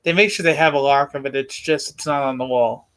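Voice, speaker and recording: A man co-hosting a sports podcast, explaining calmly in casual chat. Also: medium pitch, fairly quick. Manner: calm explainer with many short backchannels.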